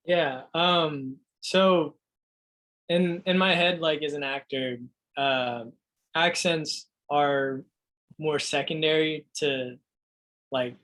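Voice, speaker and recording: A man from the cast answers on a video call in an earnest, measured way. His voice sits a little high for a man. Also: a bit bright, rough recording. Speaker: actor in the cast.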